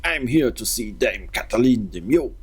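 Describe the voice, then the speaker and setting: A man voicing a calm male falcon lawyer in a low, measured, dry way while reading a game aloud. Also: faint music behind, lightly acted.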